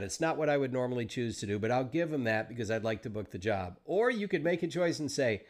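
A man's voice: medium pitch, expressive, fast talker, hardly any pauses. A man hosting a podcast interview, talking through his ideas thoughtfully and at length. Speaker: podcast host. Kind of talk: casual interview chat.

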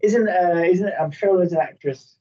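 A man chatting casually on a podcast, sweary and animated, often ranting. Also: high voice, normal speed. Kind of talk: casual chat. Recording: distant, dull lo-fi mic.

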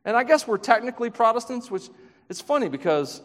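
High-voiced preacher in a reverberant hall. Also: male voice, big pitch swings, brisk. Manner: swings from loud, emphatic preaching to quiet, hushed questions; self-deprecating asides with light laughter. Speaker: pastor. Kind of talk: sermon. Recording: long reverb of a large hall.

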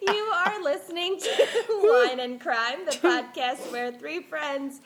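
A woman's voice: high-pitched, slow, over a noisy crowd. A woman co-hosting a casual podcast chat, chatty and often breaking into laughter between words. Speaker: podcast co-host.

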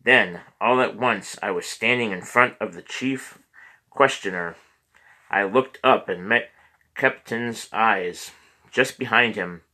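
A man narrates a memoir audiobook at a very slow, measured pace. His voice is fairly low, with a bright, forceful tone. He now and then stumbles and restarts a word.

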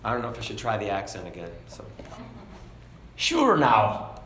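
A man preaching a sermon, slow and deliberate, with a self-deprecating sense of humor. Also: fairly low pitch, fairly bright tone, a little hiss or hum. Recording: echoey room.

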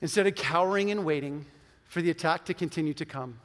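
A man preaches a sermon in a church, his voice sitting fairly high. He speaks earnestly, pressing his listeners with building emphasis and then easing into prayer. The sound carries the long reverb of a large sanctuary. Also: quick pace. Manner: earnest, storytelling, rising to emphatic exhortation. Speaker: pastor. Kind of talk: sermon with altar call and prayer.

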